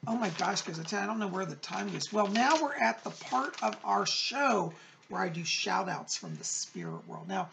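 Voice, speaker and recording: A man's voice: sits high, sing-song, moderate pace, vocal fry, pushed and bright, slight background noise. A man hosting his own psychic show, chatting effusively to viewers and calling them by pet names. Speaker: psychic medium, show host. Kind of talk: casual chat to viewers.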